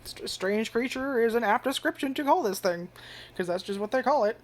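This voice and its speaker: A woman with a fairly high, fairly quick voice gives casual first-impressions commentary on an anime. This anime reviewer rambles, packing in filler words and frequent swearing. She's animated and keeps jumping into loud, acted-out reactions.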